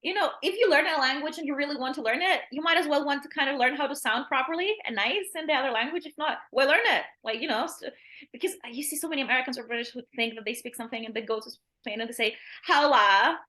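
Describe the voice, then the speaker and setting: Bright, chatty woman full of "like". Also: high-pitched, fast. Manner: rambling, frequent "like", laughs often. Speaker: language teacher, podcast guest. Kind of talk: casual interview chat.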